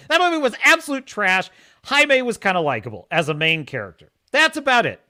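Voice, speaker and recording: A man's voice: on the high side, wildly swooping pitch, normal speed, pushed and bright. A man hosting a podcast, giving opinionated casual commentary in a mocking way and laughing often. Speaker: podcast host.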